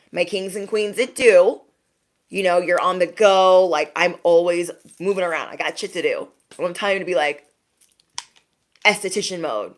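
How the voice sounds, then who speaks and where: A woman hosting a casual livestream, chatting in a slangy way with frequent laughs and "okay?" asides, and mimicking people she quotes. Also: lowish voice. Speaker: tarot reader and livestream host.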